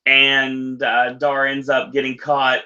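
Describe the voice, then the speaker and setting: A man's voice: medium pitch, monotone, slow, bright, forceful tone, lo-fi sound. A man hosting a podcast in casual chat, rambling and correcting himself as he goes. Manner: rambling, self-correcting, laughs easily. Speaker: podcast host. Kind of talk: casual chat recapping wrestling.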